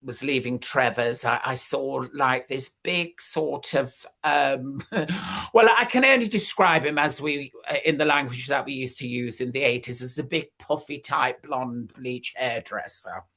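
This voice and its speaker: A guest in their sixties tells stories at an easy, rambling pace. The voice leaps up and drops down in pitch as the stories go on, full of ums and you-knows. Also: measured pace, pushed and bright. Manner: chatty storyteller, many fillers, big pitch swings. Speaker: guest, former recording artist. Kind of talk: anecdotal interview chat.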